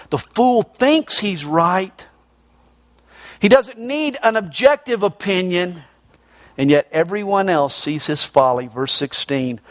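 A man preaching a folksy sermon, reading scripture and then putting it in plain everyday terms. His voice sits fairly high for a man, and he explains things in a down-to-earth way. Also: lively intonation, slow, no room sound.

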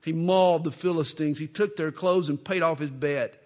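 A man's voice: a little high, normal speed, darkish tone. A male preacher teaching from scripture in a folksy, joking, conversational way. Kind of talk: expository sermon with humorous asides.

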